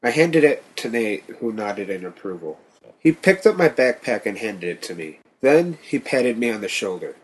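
A man reading a first-person horror story in a tense, steady manner. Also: lowish voice, moderate pace, breathy edge. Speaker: narrator.

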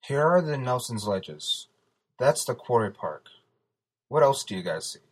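A man voicing a woman doctor with a confident, brisk manner. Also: mid-range voice, big pitch swings. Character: woman doctor, bold and sharp.

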